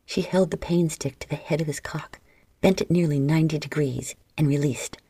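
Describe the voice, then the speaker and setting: A woman narrating an erotic story in a soft, half-whispered delivery close to the mic. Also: low voice, steady tone, normal speed, husky, dry recording.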